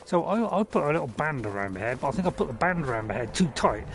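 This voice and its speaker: Man, playful game commentary, rambling with fillers, gravelly voice, bouncy pitch. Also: sing-song, brisk, slight background noise. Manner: chatty and playful, rambling with fillers and self-mocking laughs. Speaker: game streamer. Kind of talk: casual gameplay commentary.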